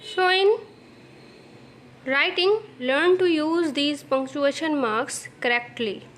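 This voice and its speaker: A woman teacher with a Pakistani English accent delivers a recorded lesson. Her voice sits high and she speaks at an unhurried, deliberate pace. She repeats key phrases to drive each point home. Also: fairly bright tone. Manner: slow, explanatory, repeats phrases for emphasis.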